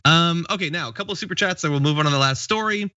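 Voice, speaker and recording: A man's voice: fairly high pitch, rapid-fire, sharp tone, no echo, muffled recording. A man in his late thirties hosting a casual live stream, reading viewer comments aloud and laughing easily. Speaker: show host.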